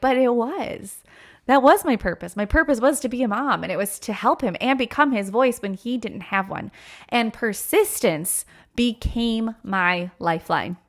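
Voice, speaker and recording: A woman hosting a faith podcast, talking earnestly and emotionally about her own experience, with many fillers and acted-out quotes. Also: fairly bright tone. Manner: acts out quoted voices with sudden pitch jumps. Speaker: podcast host. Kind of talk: personal faith podcast monologue.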